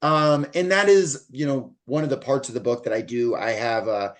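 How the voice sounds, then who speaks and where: A man in casual podcast conversation with a mid-range voice, neither high nor low. He talks loosely and meanders, leaning on likes and ums as he goes. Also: moderate pace. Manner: rambling, loose delivery full of likes and ums. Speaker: podcast co-host. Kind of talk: casual book-discussion chat.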